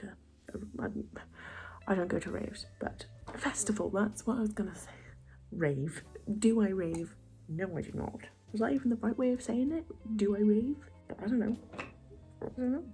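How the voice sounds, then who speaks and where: Soft-spoken woman with gravelly fry. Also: mid-range voice. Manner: soft, often half-whispered, chatty and self-mocking. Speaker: beauty vlogger. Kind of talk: casual makeup chat.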